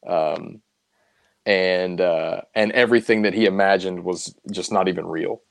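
A man's voice: low-pitched, steady tone, unhurried, gravelly. A young man co-hosting a podcast, chatting casually with lots of fillers and cursing. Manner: rambling, swears casually, many fillers. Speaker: podcast co-host. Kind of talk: casual chat.

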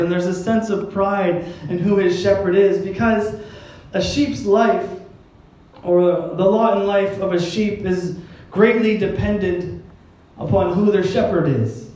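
Speaking at a measured pace, this man's high, mellow voice holds a fairly even intonation. As pastor, he preaches conversationally and adds wry jokes at his own expense. An echoey hall and a distant microphone shape the recording.

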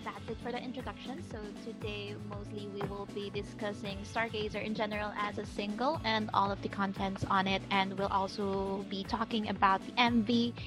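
A woman's voice: medium pitch, flat delivery, brisk, few pauses, music in the background. Matter-of-fact woman podcast host. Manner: matter-of-fact, leads the discussion. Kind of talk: casual fan chat, moderating.

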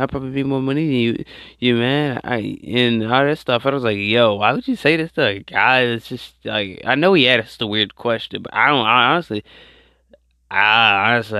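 Podcast host, male, bright gravelly voice, rambling slangy solo talk, dry close mic. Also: on the low side, no echo. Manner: rambling, slangy, repeats himself a lot. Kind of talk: casual solo podcast commentary.

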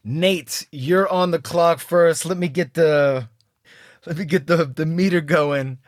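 A man's voice: fairly high pitch, takes it slowly, no echo, clean studio sound. Young man telling a laughing travel story. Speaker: podcast co-host. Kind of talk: casual podcast storytelling.

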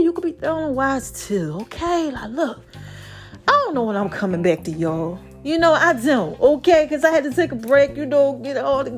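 A woman with a New York accent hosting a podcast in a casual, animated motivational monologue, drawling and breaking into bits of song. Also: high voice, moderate pace, soft background music. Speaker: podcast host.

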